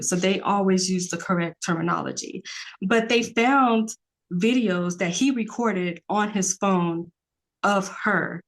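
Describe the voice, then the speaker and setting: A woman's voice: on the low side, normal speed. A woman, a podcast guest talking earnestly in a rambling casual way, with many fillers.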